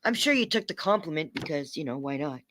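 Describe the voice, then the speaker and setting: A woman's voice: sits low, expressive, fast, a bit bright, slight background noise. A woman livestreaming, ranting angrily at her chat and swearing in a confrontational way.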